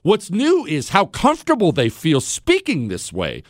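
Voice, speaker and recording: A man hosting a talk radio show, indignant and swinging between loud outbursts and low mutters into a studio microphone. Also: wildly swooping pitch, measured pace, no room sound.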